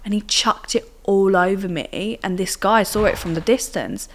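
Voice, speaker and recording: A woman's voice: mid-range voice, lively intonation, normal speed. A young woman in her twenties, telling her own story as a podcast guest in a chatty way full of fillers like "like" and "do you know what I mean". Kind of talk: personal storytelling in interview.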